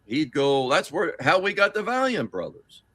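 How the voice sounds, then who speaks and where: A man's voice: fairly high pitch, very animated, moderate pace, fairly bright tone, no room sound. A man hosting a casual chat show, talking in a blunt, enthusiastic way. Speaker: podcast host.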